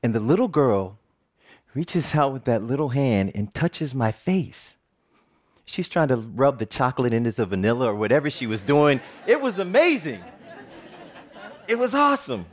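A man's voice: medium pitch, animated, normal speed, darkish tone, some chatter behind. A middle-aged man giving a personal storytelling speech, humorous and self-mocking. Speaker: TV reporter giving a talk.

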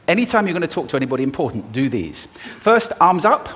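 Man speaking on stage, lively intonation, demonstrates with his voice, live talk. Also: on the high side, quick pace. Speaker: voice expert giving a talk. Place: stage before an audience.

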